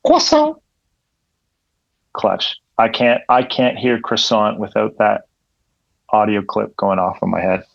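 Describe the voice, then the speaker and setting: A man's voice: on the low side, fairly even intonation, measured pace, gravelly, no room sound. A young man from Ontario, a coffee professional and podcast guest, rambling in a laid-back way, swearing freely, with lots of "like.". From Ontario, Canada. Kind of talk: casual chat. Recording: dull lo-fi podcast audio.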